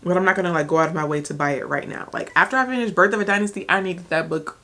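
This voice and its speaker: Young woman, rambling casual vlogger, slightly low voice. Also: racing, a bit bright. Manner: chatty, rambling, many "like"s and restarts; talking while eating. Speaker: book vlogger. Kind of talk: casual vlog chat.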